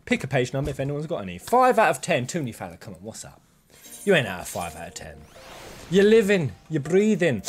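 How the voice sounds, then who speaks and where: A man hosting a live game stream, playfully joking and chatting with his viewers. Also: medium pitch. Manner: playful, exuberant, joking with chat.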